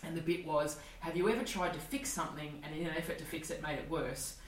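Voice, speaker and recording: Australian comedian, woman, forties; low voice, quick talker, roomy distant sound. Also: steady tone, a little hiss or hum. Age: 40s. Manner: candid, swearing, laughing storyteller. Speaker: comedian guest. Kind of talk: casual storytelling chat.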